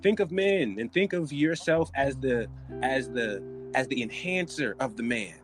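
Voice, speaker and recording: A man hosting a podcast, ranting in casual chat in an animated, joking way with loose slang. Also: mid-range voice, a little slow, music in the background. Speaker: podcast host.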